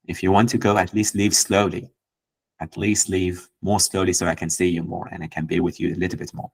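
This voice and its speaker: Man, very deep voice, host explaining poetry, gentle, searching, restarts phrases. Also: level tone, moderate pace, low-quality recording. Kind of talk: reflective teaching talk.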